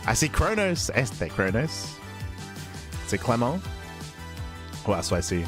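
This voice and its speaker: A man with a hoarse, strained voice from recent voice loss wraps up an esports broadcast as caster in a rambling, self-correcting, apologetic way. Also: mid-range voice, sing-song, unhurried, music in the background. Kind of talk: casual stream wrap-up.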